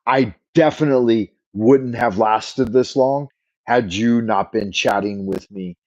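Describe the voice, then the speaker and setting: Mellow man with a mock Irish lilt. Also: mid-range voice, measured pace. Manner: rambling, thanks viewers by name. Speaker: livestream host. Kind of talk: casual late-night livestream chat. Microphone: camera mic. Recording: slightly muffled lo-fi stream audio.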